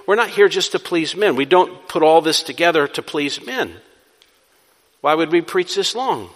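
Man, pastor preaching, bright ringing voice, slightly high, emphatic rhetorical questions, long hall reverb. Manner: emphatic, asks and answers his own questions. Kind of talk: sermon. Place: church sanctuary.

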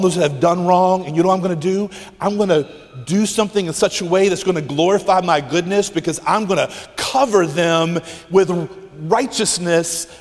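A preacher putting on a tender, resolute God who speaks low and slow, with hushed, deliberate words. It rings out with a long hall reverb behind it. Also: male voice, lightly acted. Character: God, a loving, resolute divine father.

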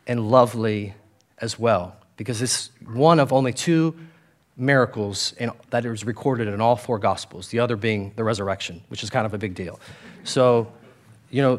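A male pastor giving a conversational sermon and voicing the disciples in quick asides. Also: mid-range voice.

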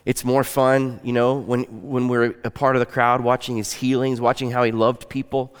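A man preaching a sermon in an earnest, conversational way, his voice often dropping soft and quiet. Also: medium pitch, flat delivery, normal speed, clear, resonant tone, big-room sound. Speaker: pastor.

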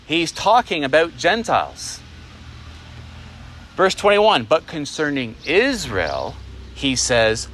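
Middle-aged male pastor, emphatic expository preaching, slightly raised pitch, faint noise behind. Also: very animated, slow pace, fairly bright tone. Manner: emphatic, rhetorical questions, dramatizes God's voice. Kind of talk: expository sermon.

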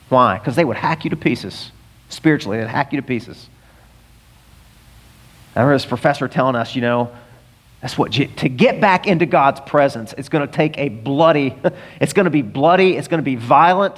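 A man preaching a sermon, telling stories with animated, emphatic delivery. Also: medium pitch, normal speed. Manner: animated storytelling preacher, rising to emphatic peaks. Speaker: pastor.

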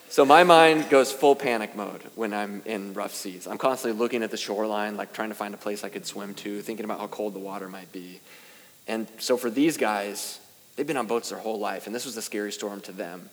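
In a church sanctuary with a big-room sound, a young adult male pastor preaches casually and pokes fun at himself. His lowish voice rises in emphasis at key points.

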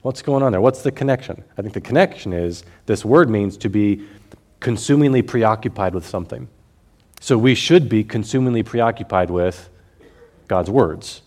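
Male Bible teacher, lowish voice, methodical explainer who repeats key lines and slows down to read scripture. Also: darkish tone.

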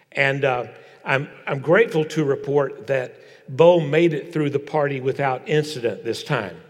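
An older man preaching a sermon in a large church. He tells family stories in a folksy way and drops to a hush for emphasis. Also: mid-range voice. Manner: folksy storytelling, dropping to a hushed tone for emphasis. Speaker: pastor. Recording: long reverb of a large hall.

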